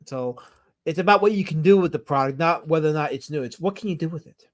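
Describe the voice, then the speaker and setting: A man's voice: fairly high pitch, fast. A man hosting a casual live stream, reading viewer comments and rambling enthusiastically with fillers and self-corrections. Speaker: streamer host.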